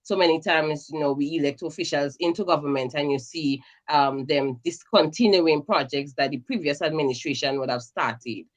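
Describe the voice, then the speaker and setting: Earnest woman calling in. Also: low-pitched. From Grenada. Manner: measured, earnest, many fillers. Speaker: caller commenting on the budget. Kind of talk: casual call-in commentary.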